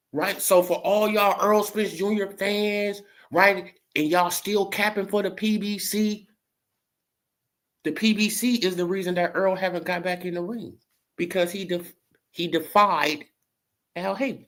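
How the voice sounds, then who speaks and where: A man's voice: sits high, fairly even intonation, unhurried, fairly bright tone. Man riffing on boxing, casual. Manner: loose and repetitive, tags lines with "right?". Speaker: host. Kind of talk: casual boxing commentary stream.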